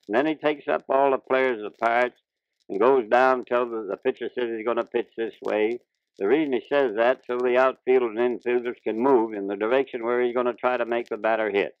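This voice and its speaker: A man's voice: mid-range voice, steady tone, brisk, smooth, no room sound. An older man, a retired ballplayer, telling plainspoken folksy stories in a 1940s radio interview. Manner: plainspoken old-time storyteller, ungrammatical folksy speech. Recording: dull dry 1940s radio transcription.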